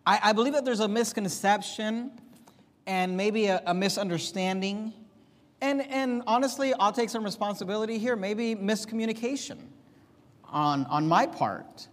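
High-voiced emphatic preacher in a reverberant hall. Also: male voice, animated, normal speed. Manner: emphatic, rising and dropping sharply for effect. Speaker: pastor. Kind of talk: sermon.

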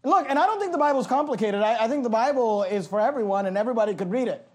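A man preaching a passionate sermon, reading scripture slowly and emphatically and adding sarcastic asides. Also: extremely high pitch, animated, a little mellow. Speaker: pastor.

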